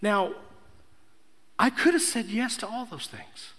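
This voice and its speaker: A man's voice: high-pitched, big pitch swings, takes it slowly, fairly bright tone. A young man preaching a sermon as pastor, emphatic, building through repeated declarations. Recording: echoey hall.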